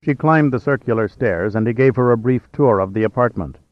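A man narrating a novel as an audiobook reader in a steady, measured way. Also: mid-range voice, no echo. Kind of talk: scripted narration. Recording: slightly dull, dry.

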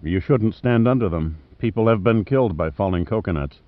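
A male narrator voicing a hardened, tired adventurer at sea, low, soft and steady. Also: fairly quick, no room sound, close to an everyday voice. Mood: calm. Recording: slightly muffled dry studio.

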